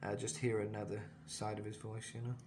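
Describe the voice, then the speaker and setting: A man's voice: on the low side, flat delivery, fairly quick, background noise. A man teaching a singing lesson, explaining technique in a thoughtful way with many fillers and restarts. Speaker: vocal coach.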